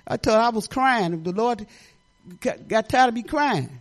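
A woman's voice: fairly high pitch, animated, unhurried. An older woman giving a rambling, chatty testimony at church, often laughing and restarting her sentences.

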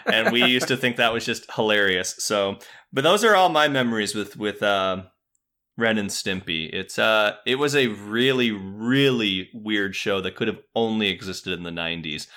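A man's voice: fairly low pitch, moderate pace, sharp tone. A man in his thirties hosting a podcast, chatting casually and rambling with lots of fillers. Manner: rambling, many fillers and restarts. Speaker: podcast host. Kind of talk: casual chat.

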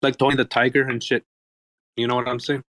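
A man talks quickly in laid-back slang, swearing casually. His voice sits at a middle pitch. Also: flat delivery, bright, forceful tone, no echo. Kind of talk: casual chat on a live audio space.

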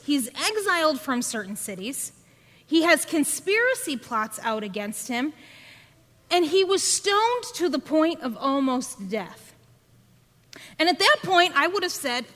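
A woman podcast host preaching a sermon, telling an animated story and acting out her children's voices. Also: sits high. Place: church sanctuary. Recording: long reverb of a church hall.

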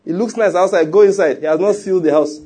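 A pastor delivers a sermon in a slightly raised, husky voice. His tone stays mellow and dark even as he presses his points home. He teases his listeners and repeats himself for emphasis. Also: high-pitched, quick pace. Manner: emphatic, teasing preaching with repetition.

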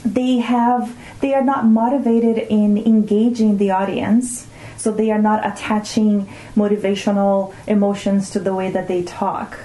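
A woman in her forties from Brazil, speaking in an earnest, thinking-aloud interview manner. Her voice sounds dark and mellow. The room adds a noticeable echo. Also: medium pitch, little pitch movement, unhurried. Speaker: guest, mother of two teenagers. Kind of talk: reflective conversational interview. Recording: roomy echoing room.

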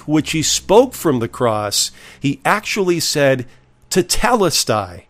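Slow, deliberate male preacher. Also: mid-range voice. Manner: slow, deliberate preaching with emphatic drawn-out phrases. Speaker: pastor. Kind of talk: sermon.

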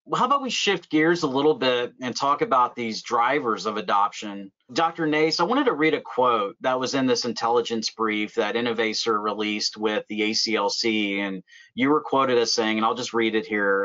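A man moderating a webinar panel, asking questions in a measured way. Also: mid-range voice, sharp tone, dull audio.

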